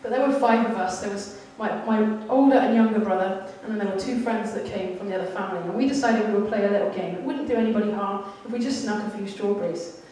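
A woman's voice: mid-range voice, fast talker, hardly any pauses, warm tone, slight background noise. A woman giving a sermon, telling a candid, self-deprecating story about her childhood. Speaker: church speaker. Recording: echoey hall, mic at a distance.

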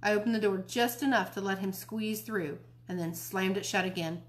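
A woman's voice: mid-range voice, moderate pace. A woman from a library reading a children's novel aloud in a friendly, informal way. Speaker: library storytime reader.

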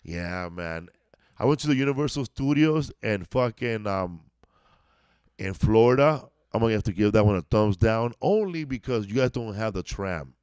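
A man's voice: lowish voice, animated, moderate pace, darkish tone, smooth, no echo, studio quality. A man, co-hosting a podcast and rambling through loose, casual stories, saying "bro" often. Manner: rambling storyteller, peppers talk with "bro" and "dog". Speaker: podcast co-host, comedian. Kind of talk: casual chat.

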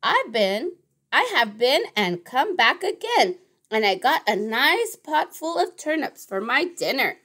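A woman voicing a small, earnest male pig in a children's storybook, with squeaky, emphatic refusals. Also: big pitch swings, measured pace, bright, forceful tone, heavily acted. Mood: chirpy.

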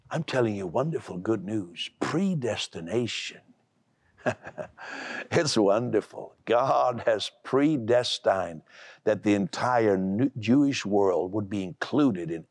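Brusque, gravelly-voiced man preaching on TV. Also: on the low side, no room sound. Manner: brusque, emphatic, repeats words when building up. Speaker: preacher and TV host. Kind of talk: televised sermon.

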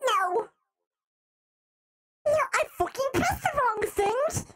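A woman streamer reacting live to memes, excitable and swearing, yelping when things go wrong. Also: extremely high pitch, takes it slowly. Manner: excitable, swears and yelps in frustration.

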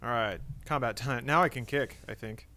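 A man's voice: medium pitch, normal speed, pushed and bright, slight background noise. A man playing a video game live, muttering a running play-by-play. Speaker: game player. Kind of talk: live gameplay commentary.

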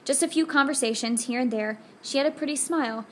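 A soft-spoken, kindly young man as a woman reads him in an audiobook, keeping his voice low and hushed. The tone sits a little high, with a faint hiss in the background. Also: fast, lightly acted. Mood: reassuring. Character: young man, pale, gentle and reassuring.

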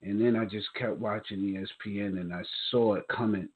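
Husky-voiced New man over a phone line. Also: fairly low pitch, brisk. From New York. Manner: animated, profane, acts out quoted voices. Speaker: podcast co-host. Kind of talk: casual storytelling chat.

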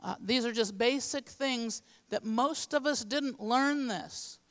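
A woman's voice: fairly high pitch, slow, big-room sound. A woman giving a midweek church teaching in an earnest, plainspoken, practical way. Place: church sanctuary.

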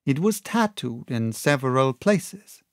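Male audiobook reader, slow and measured, expressive, dry close sound. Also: medium pitch, no echo. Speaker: audiobook narrator. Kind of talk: audiobook reading of a classic novel.

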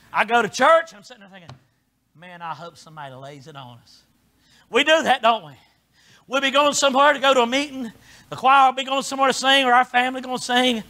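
A middle-aged man preaching a sermon in a folksy way, moving from quiet asides to shouted preaching. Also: extremely high pitch, fairly quick. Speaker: pastor.

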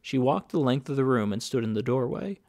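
A man reading an audiobook in a steady, even scripted narration. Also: mid-range voice, a little fast.

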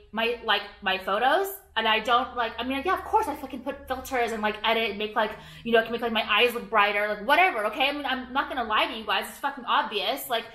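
A woman's voice: a little high, sharp tone, echoey room. A young woman vlogging to camera, rambling and swearing a lot as she vents her irritation. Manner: rambling, profane, irritated, lots of "like". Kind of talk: casual ranting vlog.

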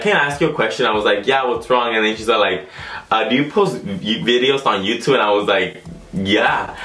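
A man's voice: mid-range voice, fairly bright tone. A young man vlogging casually, telling a rambling story full of fillers and restarts. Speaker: YouTube vlogger. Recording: echoey room.

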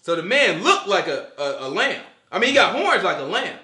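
Man, informal Bible study teacher, animated, joking, bright voice, echoey room. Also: high-pitched, normal speed.

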